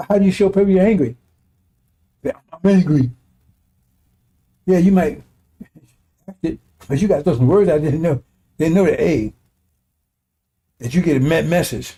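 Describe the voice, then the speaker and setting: High, dark-toned impassioned male preacher. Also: moderate pace, pauses often, slightly rough. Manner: impassioned, colloquial, mocking asides. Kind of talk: sermon commentary on scripture.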